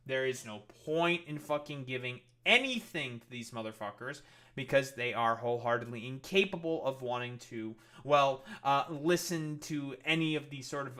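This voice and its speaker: Bright-voiced man ranting profanely. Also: mid-range voice. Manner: profane, heated, blunt. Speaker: streamer and political commentator. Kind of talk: ranting political commentary.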